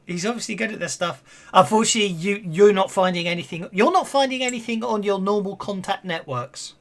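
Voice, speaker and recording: A man's voice: sits high, a little fast. A man narrating as game master of a tabletop game, rambling with many fillers and restarts.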